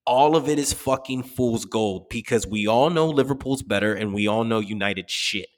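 A man's voice: mid-range voice, normal speed, long reverb tail. A man co-hosting a casual soccer podcast, blunt and profane, laughing often. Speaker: podcast co-host. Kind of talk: casual sports podcast chat.

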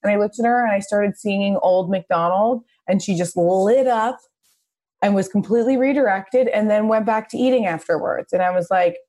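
A woman podcast host who tells a family story in a chatty, lively way with quick asides. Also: mid-range voice. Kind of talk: casual podcast conversation.

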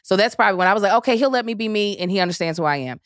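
A woman's voice: medium pitch, very fast, dry recording, studio quality. A woman telling stories as a podcast guest in casual chat, acting out quotes and laughing often. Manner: animated storyteller, acts out quotes, laughs often.

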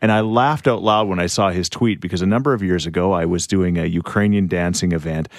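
Male morning radio host, deep voice, relaxed storyteller, dry studio sound. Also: a little fast, no echo. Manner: chatty storyteller, laughs often. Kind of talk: casual radio chat.

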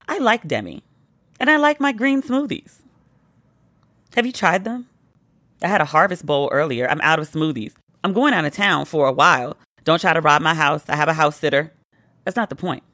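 A woman's voice: low voice, a bit bright, no room sound. A woman hosting a podcast, tipsy and telling a playful story in a casual monologue, now and then mimicking her friends. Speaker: podcast host.

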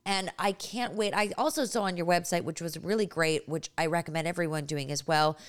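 A woman's voice: medium pitch, clear, resonant tone. A young adult woman hosting a podcast interview, chatting casually and gushing, with frequent restarts and fillers. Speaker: podcast host.

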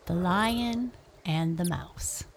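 A woman narrating a bedtime story in a slow, soothing, lilting way. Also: fairly low pitch, creaky, a little hiss or hum.

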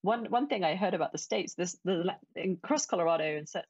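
A woman's voice: lowish voice, fast, creaky, a little mellow, husky, no echo, lo-fi sound. A woman from England, chatting casually with many restarts and quoted asides. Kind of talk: casual chat.

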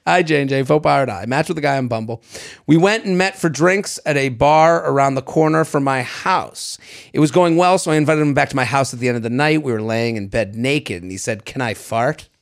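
A man's voice: mid-range voice, a little fast, vocal fry. A man co-hosting a podcast in casual chat, reading a listener letter and laughing often. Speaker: podcast co-host.

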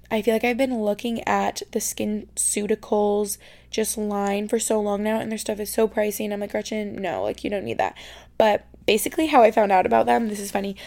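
Chatty young woman with a gravelly fry. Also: medium pitch. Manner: chatty, uses "like" constantly, drifts into soft near-whispers. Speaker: podcast host. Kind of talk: casual solo podcast chat. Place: her bedroom.

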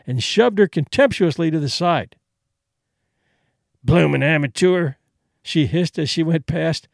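A man narrating an audiobook with expressive storytelling. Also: fairly high pitch, no room sound, clean studio sound.

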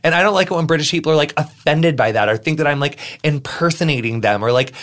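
A man hosting a podcast in casual chat, excitable and rambling, swearing freely. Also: a little high, fast. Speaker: podcast host.

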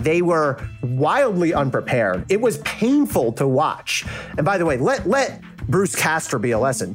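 A man with a South Jersey accent, a former prosecutor speaking frankly in a casual interview and acting out the reactions he quotes. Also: a little high. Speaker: legal analyst and former prosecutor.

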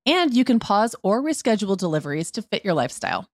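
Lively, animated woman podcast host. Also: medium pitch, fast talker, no room sound, studio quality. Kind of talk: casual chat and ad reads.

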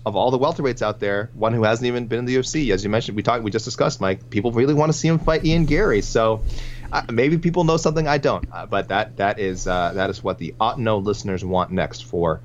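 A man's voice: on the low side, fast, lo-fi sound, a little hiss or hum. A man co-hosting a podcast, reading listener emails in a rambling, casual way and tripping over names. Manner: rambling, self-correcting, stumbles over names. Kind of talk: casual chat.

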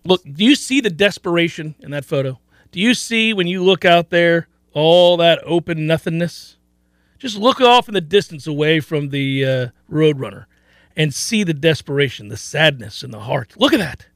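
A man hosting a sports radio show in a studio, telling stories in animated, exclaiming bursts. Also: fairly high pitch, moderate pace, no echo. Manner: animated storytelling, rising to loud exclaiming. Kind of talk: casual sports radio chat. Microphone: studio mic.

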